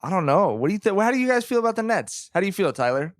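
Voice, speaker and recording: Man, slightly high voice, sarcastic, animated, casual sports chat, dry close recording. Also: rapid-fire, dry recording. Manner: animated, sarcastic, laughs often. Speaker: podcast co-host.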